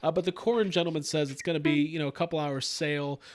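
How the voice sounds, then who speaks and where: A man hosting a casual late-night fan aftershow, rambling and animated with lots of fillers and restarts. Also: a little high, quick pace. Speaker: podcast host.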